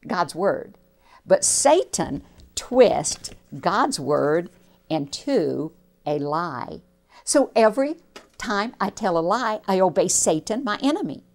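A woman with a mid-range voice tells children a missionary story, speaking expressively and slowly and adding preachy asides to her listeners.

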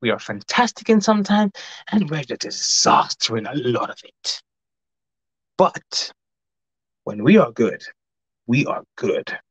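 A man hosting a casual livestream, reading out chat and greeting viewers by name, talking in a rambling, fast way. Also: mid-range voice, big pitch swings, slightly rough, no echo. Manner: rambling, warm greetings, frequent laughs; fast-talking, says his mouth runs fast. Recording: dull lo-fi dry recording.

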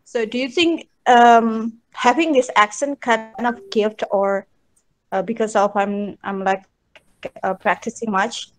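A woman's voice: on the high side, steady tone, unhurried. Woman with a mixed American-British accent. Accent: mixed American and British English. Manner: searching for words, with fillers like "like" and "uh". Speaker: English learner asking questions. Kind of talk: conversational questions.

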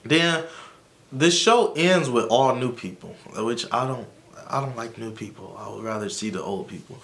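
A man's voice: medium pitch, animated, normal speed, creaky, a bit bright. Chatty man recapping a TV episode. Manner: chatty, rambling, dismissive asides like "blah, blah, blah"; opinionated, frank likes and dislikes. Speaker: YouTube reviewer.

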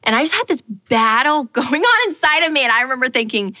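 A woman giving a personal finance talk, telling a story in an animated, playful way and repeating lines for effect. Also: high voice, brisk.

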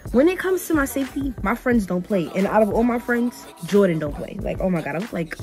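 Animated young woman telling a storytime. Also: mid-range voice, a little fast, faint music behind. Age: young adult. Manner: animated, dramatic retelling with quoted voices; casual slangy talk. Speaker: vlogger. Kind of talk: storytime while getting ready.

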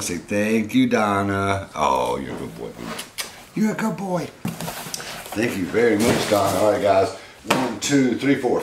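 Guy with a lowish voice chatting to his monkey while opening mail, echoey room, noise behind. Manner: chatty, talks sweetly to his pet monkey. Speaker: pet vlogger. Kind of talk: casual unboxing chat.

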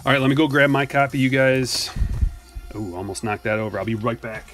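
A man's voice: mid-range voice, brisk, a bit bright, soft background music. A man chatting casually on a live stream as he opens packs of trading cards, joking and answering his chat. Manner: chatty, jokey, reads chat aloud. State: a little out of breath. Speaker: card break streamer.

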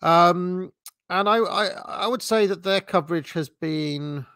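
A man's voice: high-pitched, takes it slowly, fairly bright tone, clean tone, dry recording. A man giving rambling, opinionated commentary on a livestream, full of fillers and restarts. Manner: dismissive, opinionated. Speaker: political commentator.

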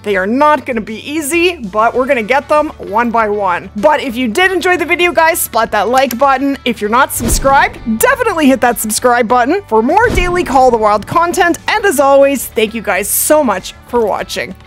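A woman's voice: sits high, expressive, normal speed, hardly any pauses, fairly bright tone, faint music behind. A woman hosting a gaming channel, chatting through a hunting game and thinking aloud to her viewers. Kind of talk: hunting game play commentary.

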